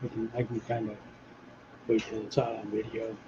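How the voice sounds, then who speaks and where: A man hosting a casual chat while he draws, talking in a relaxed, unhurried way with a dry voice. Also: on the low side. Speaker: host. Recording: muffled lo-fi audio with faint hiss.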